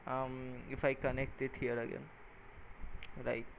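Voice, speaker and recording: A tired man talking casually while he codes and wires a small electronics project, halting and counting pins out loud. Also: mid-range voice. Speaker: maker coding a microcontroller project. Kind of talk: casual talk-through while working. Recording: tinny phone-like sound with faint noise.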